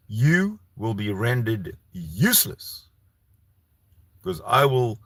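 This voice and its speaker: A man's voice: lowish voice, slightly rough, dry recording. A Canadian man hosting a rambling solo show, heated and profane, often restarting his sentences. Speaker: solo channel host. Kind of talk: rambling solo livestream talk.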